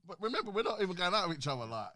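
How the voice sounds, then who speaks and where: A man's voice: sits high, very animated, rapid-fire, pushed and bright, no room sound. A man hosting a casual chat in a studio, talking animatedly, laughing often and restarting his sentences. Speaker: podcast host.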